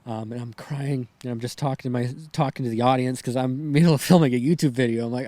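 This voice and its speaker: A young man, shaken and near tears, recounts a personal story as a podcast guest, with halting, rambling phrasing and many tag questions. His voice sits in the middle of the range, and the recording is dry and close. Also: mid-range voice, steady tone, a little mellow, dry recording. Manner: rambling, filler-heavy, says "right?" and "man" often.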